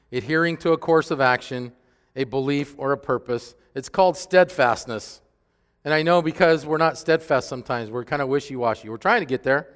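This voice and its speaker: A male pastor preaching a sermon earnestly and emphatically, often dropping to a hushed tone. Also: medium pitch, clean tone, big-room sound. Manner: earnest, emphatic preaching with dramatic dips to a hush. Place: church.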